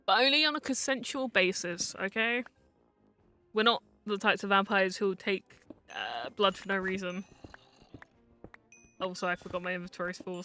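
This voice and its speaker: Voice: mid-range voice, pushed and bright. A VTuber streamer in casual live-stream chat while gaming, rambling, teasing friends and muttering to themself.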